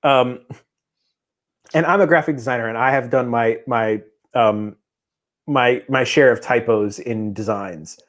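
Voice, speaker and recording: A man's voice: medium pitch, unhurried. Guy cohosting a podcast, casual joking chat, mid voice. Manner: jokey, playful storytelling. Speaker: podcast co-host.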